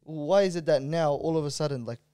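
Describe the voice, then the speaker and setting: A man in casual podcast chat, animated and repeating himself with stammering restarts. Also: a little high, a little fast, smooth, dry recording, studio quality. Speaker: podcast co-host.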